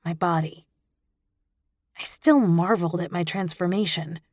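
A woman reads a first-person audiobook in a lowish, expressive voice. Her delivery stays intimate and close. The recording is dry with no room sound. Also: measured pace, no room sound. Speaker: audiobook narrator.

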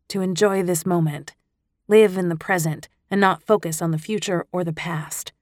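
Low-voiced woman reading an audiobook. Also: darkish tone, no echo, studio quality. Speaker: audiobook narrator. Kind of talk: first-person audiobook narration.

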